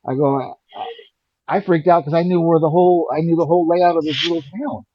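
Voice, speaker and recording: A man telling a personal story in casual conversation as a guest, rambling and animated. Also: on the high side, a little fast, a little hiss or hum. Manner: rambling, animated, acts out quoted voices. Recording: dull, lo-fi and dry.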